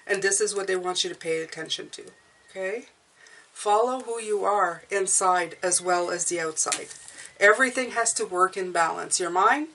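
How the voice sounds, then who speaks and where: A woman doing a casual tarot reading to camera, animated, repeating words and talking straight to the viewer. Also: medium pitch, a little hiss or hum. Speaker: tarot reader.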